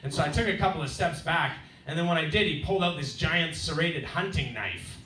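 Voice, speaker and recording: A man doing a stand-up set, telling a wry story and acting out his neighbours in loud voices. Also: on the high side, brisk, a little hiss or hum. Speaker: stand-up comedian. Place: comedy club stage. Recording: roomy club sound, heard from a distance.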